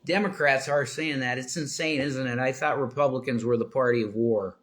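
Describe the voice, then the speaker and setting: A man ranting to his live stream chat, swearing and getting worked up, his pitch jumping high when angry. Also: normal speed. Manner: worked-up, swearing, rising to near shouts.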